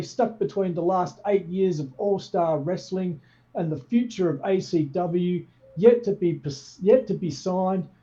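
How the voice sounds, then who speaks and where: A man's voice: sits high, mellow. A man hosting a podcast, casually rambling with many hesitations. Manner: rambling, hesitant, says mate. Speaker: podcast host. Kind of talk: casual interview chat. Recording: dull lo-fi audio with faint music.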